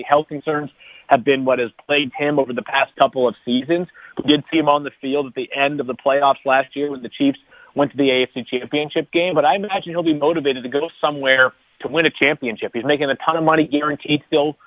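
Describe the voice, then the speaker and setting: A man talks through a tinny phone line as a radio guest, somewhat high for a man. His speech rambles, full of restarts and fillers, and the sound is dry. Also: no echo. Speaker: guest analyst. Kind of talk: phone-in radio sports analysis.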